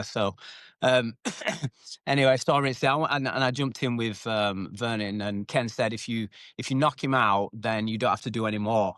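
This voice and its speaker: A man's voice: mid-range voice, brisk, fairly bright tone, no echo, clean studio sound. A British man, a former MMA fighter, telling stories from his fighting days in a casual podcast interview. He swears freely and acts out the people he quotes. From United Kingdom. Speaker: retired MMA fighter, guest.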